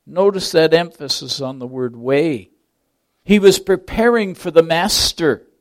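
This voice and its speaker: Slow, deliberate male preacher. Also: fairly high pitch. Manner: dramatic swings between soft, near-whispered words and loud rising emphasis; slow, deliberate phrasing with pauses on key words. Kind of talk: sermon.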